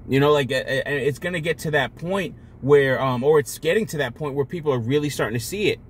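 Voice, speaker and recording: A man's voice: a little high, a little fast, hardly any pauses, breathy edge. A man talking to camera in a casual, rambling monologue, blunt and full of profanity. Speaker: vlogger.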